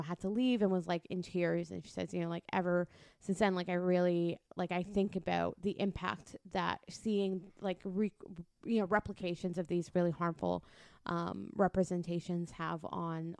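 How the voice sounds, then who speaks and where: A woman's voice: lowish voice, little pitch movement, moderate pace, vocal fry, darkish tone, dry recording. A woman co-hosting a podcast in casual chat, rambling with lots of fillers and restarts. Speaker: podcast co-host.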